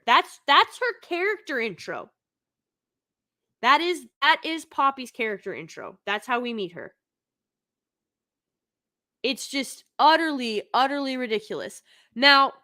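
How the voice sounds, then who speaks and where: A woman's voice: sits high, pushed and bright. A woman hosting a live-streamed TV review, talking off the cuff, emphatic and exasperated, repeating her points again and again. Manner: exasperated, critical.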